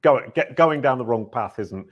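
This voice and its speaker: A man hosting a podcast interview, talking in long energetic explanatory runs. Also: mid-range voice, moderate pace, muffled recording. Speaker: podcast host. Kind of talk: conversational interview.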